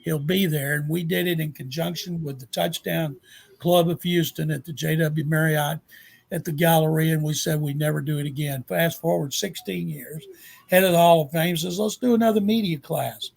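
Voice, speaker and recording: A man in his seventies with a Texan accent, a guest sportswriter telling animated anecdotes in an interview. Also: fairly high pitch, moderate pace, gravelly. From Texas. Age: 70s. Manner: animated anecdote-teller, acts out quotes. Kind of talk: storytelling interview.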